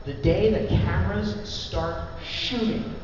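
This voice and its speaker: Brief: man, author at a convention panel, joking storyteller, higher voice, heard from far back in an echoey, noisy, dull-sounding hall. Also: fairly even intonation, takes it slowly. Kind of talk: casual convention talk to an audience.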